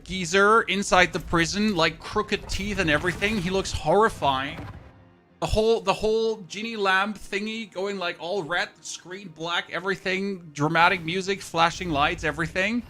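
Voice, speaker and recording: A man's voice: high-pitched, moderate pace, pushed and bright. A man with a German accent chatting casually to his live-stream audience while he plays, rambling, swearing and laughing at himself. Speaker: game streamer.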